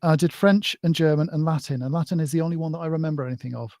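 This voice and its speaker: A man's voice: fairly high pitch, racing, darkish tone, no room sound, clean studio sound. British man in hesitant, chatty talk. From Britain. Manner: tells jokes with put-on voices, hesitant fillers. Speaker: guest. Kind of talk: casual chat.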